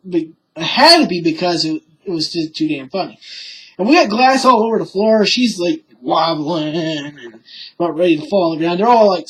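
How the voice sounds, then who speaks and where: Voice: mid-range voice, breathy edge, poor audio. A young adult telling a personal story in a casual, rambling way, swearing often and stumbling through fillers and restarts.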